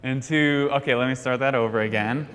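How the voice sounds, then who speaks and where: A man's voice: medium pitch, steady tone, brisk, a bit bright. An American man teaching a Sunday school class, reviewing Bible history by asking questions and leaving each sentence open for the class to finish. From United States. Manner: quizzing, leaves sentences hanging for the class to finish. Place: church classroom. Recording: long hall reverb.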